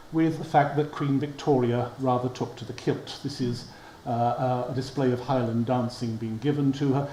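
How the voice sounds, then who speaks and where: Here a man with a medium-pitched, slightly mellow voice delivers a public history lecture. Wry by nature, he chuckles at his own asides, and the echoey hall carries a faint hum.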